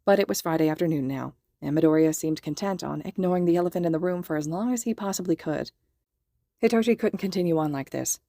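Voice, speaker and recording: A woman reading a fan fiction story aloud in a steady, measured narration. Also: lowish voice, dry recording, clean studio sound. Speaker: podfic reader.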